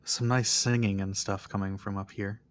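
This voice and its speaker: A man's voice: on the low side, flat delivery, normal speed. A young man narrating as game master, describing scenes with many ums and restarts. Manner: hesitant, filler-heavy narration.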